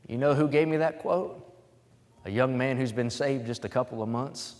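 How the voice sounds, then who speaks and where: A man preaching a sermon, switching between plain testimony and loud, emphatic scripture reading. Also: mid-range voice, moderate pace, in a large hall.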